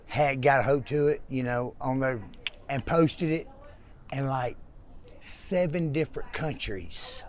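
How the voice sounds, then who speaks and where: An American man telling his own story in a park, rambling and repeating words as he goes. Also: mid-range voice. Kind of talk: casual storytelling. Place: outdoors in a park.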